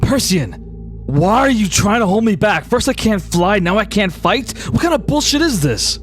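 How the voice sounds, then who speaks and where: A man's voice: high voice, very animated, moderate pace, a bit bright, faint music behind, pitched above the performer's own voice. A man voicing a brash, hot-headed young male fighter who talks crudely. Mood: indignant. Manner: swaggering, crude, raised voice.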